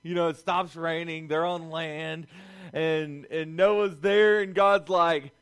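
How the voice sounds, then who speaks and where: A young man preaching a lively, conversational sermon to a youth group, acting out quoted voices as he goes. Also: on the high side, slow, clear, resonant tone. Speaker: youth pastor.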